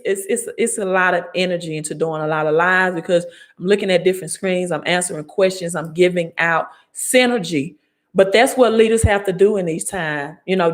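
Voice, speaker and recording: A woman in her forties with a Southern Mississippi accent, giving an emphatic, preachy live-stream talk on money and business, repeating her key points. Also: lowish voice. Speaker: credit and finance coach. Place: home, live video.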